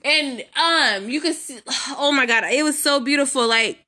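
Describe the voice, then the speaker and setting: Her high voice has a sharp tone and a measured pace as the young vlogger tells her viewers a relaxed story. She's chatty and faithful, addressing them as y'all with prayerful asides, while allergies give her an itchy nose.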